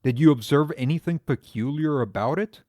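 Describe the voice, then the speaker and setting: A man reading the part of a calm, methodical amateur detective, laying out his reasoning in a measured lecture. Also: a little high, no room sound, studio quality, natural voice. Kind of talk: audiobook character reading.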